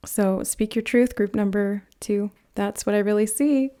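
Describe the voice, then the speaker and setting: A woman giving a pick-a-card tarot reading, speaking in a gentle, earnest way that rambles a little, with soft laughs. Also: mid-range voice, fairly even intonation, measured pace, clear, resonant tone. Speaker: tarot reader.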